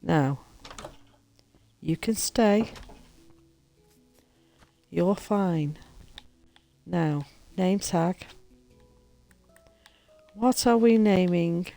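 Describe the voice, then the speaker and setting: A woman's voice: on the low side, extremely slow, long pauses, warm tone, faint music behind. A woman chatting casually to her viewers as she plays a building game and talks to the characters. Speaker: gaming streamer. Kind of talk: casual gameplay commentary.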